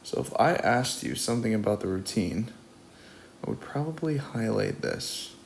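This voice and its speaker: A man's voice: fairly low pitch, lively intonation, vocal fry, a little hiss or hum. A young man teaching Spanish, reading a storybook aloud and explaining it in English at a patient pace. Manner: slow and patient, switching between reading and explaining.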